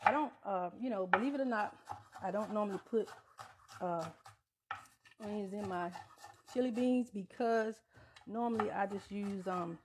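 Cooking at home on a casual livestream, a woman with a mid-range voice speaks at normal speed and pauses often, addressing viewers as y'all in Southern US Black vernacular. Her lapel mic captures loud background noise and kitchen clatter.

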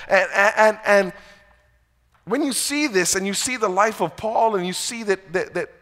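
A man with a high, light voice preaches a sermon in a large church with a long, ringing reverb. His delivery is conversational, full of fillers. It swings from loud, pleading peaks to near-whispered scripture. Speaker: pastor.

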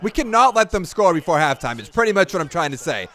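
A young man giving let's play commentary on a football video game, excitable, yelling at plays and then grumbling about them. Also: high voice, quick pace. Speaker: gaming YouTuber.

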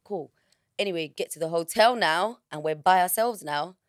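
Frank low-voiced woman. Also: a little fast, no echo, clean studio sound. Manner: frank, slangy, vivid retelling. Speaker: podcast guest. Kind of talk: candid personal storytelling.

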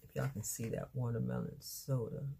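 A woman chatting excitedly in a casual unboxing vlog, recorded on a phone camera, halting with fillers. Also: extremely low pitch, creaky, slight background noise. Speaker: beauty vlogger.

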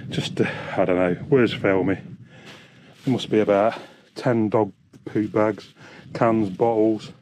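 A man's voice: fairly low pitch, fairly even intonation, slow pace, a little mellow. A man, ranting angrily and swearing while vlogging on a hiking trail. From England. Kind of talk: angry outdoor vlog.

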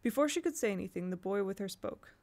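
Woman audiobook narrator, steady storybook read, gravelly texture. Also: medium pitch, fast talker. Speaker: audiobook reader.

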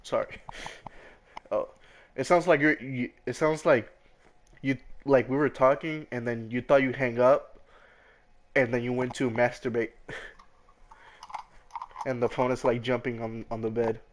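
A man chatting casually with a friend while streaming a game, excitable and crude, repeating words in quick bursts. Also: medium pitch, slight background noise. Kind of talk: casual gaming chat with a friend.

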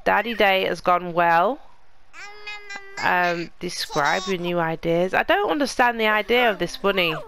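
A woman's voice: on the low side, a little slow, gravelly, a bit bright, a little hiss or hum. A woman hosting a let's play, chatting casually to the characters in her game as she plays. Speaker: gaming channel host.

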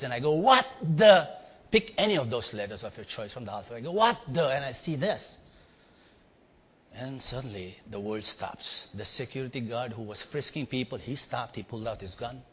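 A middle-aged man with an Indian accent spins a lively story for a live audience, calling out questions and acting out sounds. His voice is a little husky and sits at an ordinary pitch. A long reverb from the large hall trails behind every line. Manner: animated, playful, asks the audience questions, acts out sounds. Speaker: storytelling speaker on leadership.

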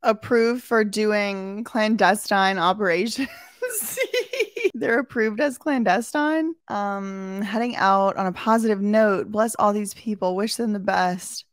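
A woman's voice: mid-range voice, takes it slowly, no room sound, studio quality. A woman giving casual, blunt and mocking reaction commentary, often laughing at what she watches.

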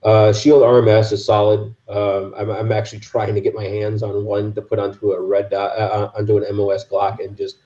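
A man's voice: lowish voice, little pitch movement, fairly quick, few pauses, dark tone, reverberant, highs cut off. A man talking casually on a podcast, explaining gear with lots of fillers and restarts. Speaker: podcast host. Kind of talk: casual chat.

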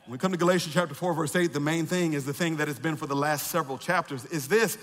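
A man preaching a sermon as pastor, building to repeated shouted refrains and dropping to quiet joking asides. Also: on the high side, fast, few pauses. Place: large church sanctuary. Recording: reverberant church hall.

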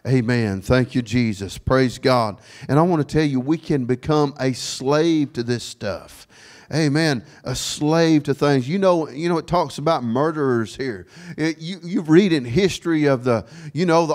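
A man preaching a sermon in a church, sprinkling his talk with amen and praise God, swinging from quiet asides to raised, ringing declarations. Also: mid-range voice. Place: church sanctuary.

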